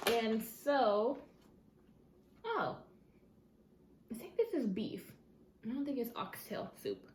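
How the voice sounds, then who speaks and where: A talkative woman with a fairly high voice, chatting to camera over a meal at her table. She rambles easily, filling gaps and correcting herself as she goes. The room rings a bit, with a faint hiss behind her. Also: echoey room. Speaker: mukbang vlogger. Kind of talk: casual chat to camera. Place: indoors at a dining table.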